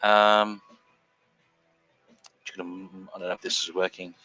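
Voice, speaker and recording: A middle-aged Australian man chatting casually as host of a live stream, laid-back and quick to greet viewers. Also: low-pitched, little pitch movement, sharp tone, highs cut off, soft background music.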